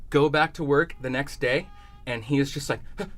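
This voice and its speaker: Speaking at a moderate pace in a medium-pitched voice, this young podcast co-host recounts a story casually. He curses freely and voices the other characters' lines as he goes.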